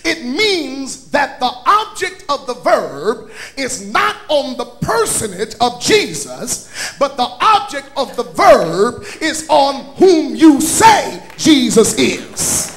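High-pitched shouting male preacher. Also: big pitch swings, slow pace. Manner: preaching with shouted, sung cadences, dropping to quiet teaching. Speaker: bishop and pastor. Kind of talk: sermon. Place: church conference. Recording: live church recording with faint music and crowd.

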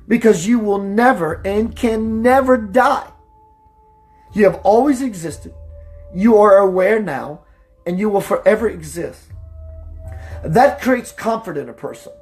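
A man hosting a spiritual talk radio show, preaching emphatically, slowing down for emphasis and greeting listeners by name. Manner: slows down for emphasis, voice dips low and quiet.

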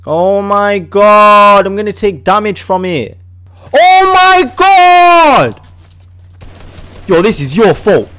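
An English man giving excitable casual commentary while playing a game, shouting at his teammate. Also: sits high, a little slow, few pauses, clear, resonant tone, dry recording. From England. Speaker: gaming video host.

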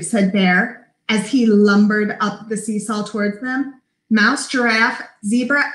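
A librarian reading a picture book aloud to children with lively character voices, stopping to chat with her listeners. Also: on the high side. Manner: animated, does character voices, pauses to talk to kids. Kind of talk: storybook read-aloud. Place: library room. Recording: echoey room.

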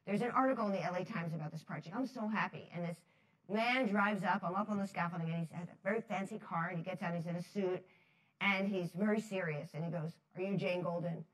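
A woman from New Jersey giving a talk to an audience, telling stories in a lively, chatty way, laughing often and acting out the voices she quotes. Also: lowish voice, fast, rough recording. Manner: chatty, many fillers like "like". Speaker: speaker at a foundation talk series.

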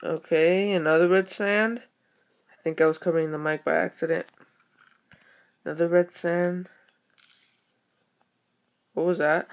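A young woman giving casual game commentary, excitable, exclaiming and muttering to herself as she plays. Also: lowish voice, a little slow, long pauses. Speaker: gaming video creator.

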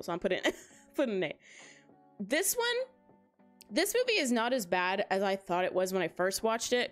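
A woman streamer chatting casually to her live chat, laughing often and talking straight to her viewers. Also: mid-range voice. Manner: giggly, talks straight to chat.

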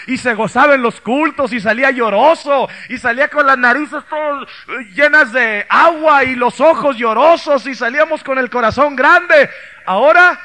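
A male pastor preaching a bilingual sermon, switching between English and Spanish and building to shouted praise, on an old cassette tape recording. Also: high-pitched. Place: church youth camp service.

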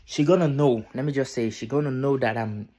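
Young man, vlogger, tired, hushed voice, repetitive, bedroom at night. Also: medium pitch, a little fast. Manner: tired, quiet near-whisper, repetitive. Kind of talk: casual vlog talk to camera. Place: his bedroom at home at night.

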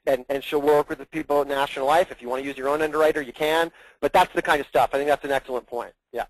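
A man with a somewhat high voice explains an administrative process on a training call. He is earnest and thorough, often doubling back on his words, and the sound is dry and close. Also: fairly even intonation, rapid-fire, no room sound, low-quality recording. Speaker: plan administrator guest.

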